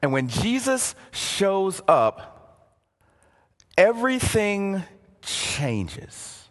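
High, animated preacher in a big hall. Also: male voice, very slow. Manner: dramatic, drops to near-hushed phrases for emphasis. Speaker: pastor. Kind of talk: sermon. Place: church sanctuary.

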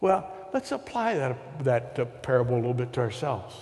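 A man's voice: mid-range voice, sing-song, normal speed, a little mellow. A man preaching a sermon to a congregation, retelling a parable and putting rhetorical questions to his listeners. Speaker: pastor. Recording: long hall reverb.

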